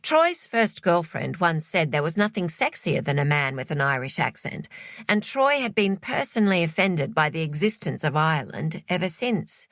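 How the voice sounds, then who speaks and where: A woman reading scripted narration for an audiobook in a measured storytelling manner. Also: sits low, very animated, a bit bright, no echo, clean studio sound.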